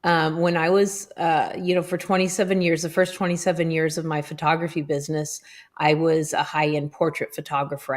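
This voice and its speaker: A middle-aged woman with a slightly low voice hosts a podcast. She tells her stories in a relaxed, conversational way, with 'um' fillers, over a video call. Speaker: podcast host, photographer.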